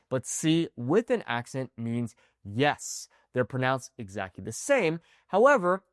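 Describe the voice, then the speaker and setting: A man teaching an online language lesson, animated and often checking in with "okay?". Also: mid-range voice, dry recording, studio quality. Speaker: Spanish teacher.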